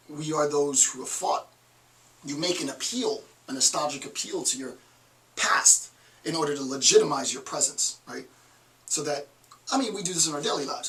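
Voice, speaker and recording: A man's voice: medium pitch, pushed and bright, far from the mic, rough recording. A middle-aged man giving a recorded online lecture, full of digressions and joking asides. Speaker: college lecturer.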